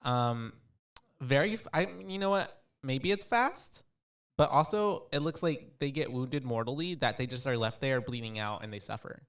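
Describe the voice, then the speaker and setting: A man's voice: mid-range voice, normal speed, fairly bright tone, smooth. A man co-hosting a podcast, recapping a film in loose, profane, joking chat. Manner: loose and profane, laughing, trading quips. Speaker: podcast co-host. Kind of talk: casual movie recap chat.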